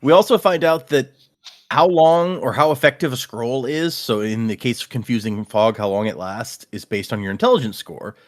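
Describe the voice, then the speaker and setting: A man's voice: mid-range voice, moderate pace. A man hosting a casual book podcast who recaps the plot and acts out characters' lines. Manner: recaps the plot, acting out quotes. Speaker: podcast host. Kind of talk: casual book-club chat.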